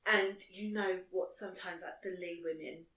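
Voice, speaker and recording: A woman's voice: on the low side, fairly even intonation, normal speed, fairly bright tone. A young woman co-hosting a podcast, chatting casually and swearing now and then. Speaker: podcast co-host. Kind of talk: casual chat. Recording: echoey room.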